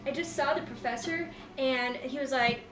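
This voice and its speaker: A woman playing a tabletop game in a bubbly, excited way. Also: sits high, moderate pace, reverberant. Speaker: player. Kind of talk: casual role-play.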